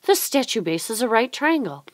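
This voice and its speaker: A woman's voice: a little high, moderate pace, no echo, voice pushed up. Brief: a woman reading as an eager young boy, storybook read-aloud, dry close sound. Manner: excited, wondering.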